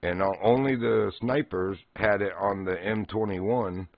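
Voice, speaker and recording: Casting note: deep-voiced male streamer, laughing storyteller, dry dull mic. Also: steady tone, measured pace, vocal fry, no echo. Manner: laughs often while telling stories, drawls. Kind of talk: casual storytelling.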